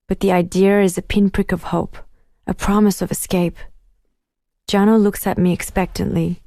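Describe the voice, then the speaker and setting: A woman narrates a first-person story in a measured, inward way. Her voice is on the low side and mellow. The read is close-miked and dry. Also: level tone, no room sound. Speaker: audiobook narrator.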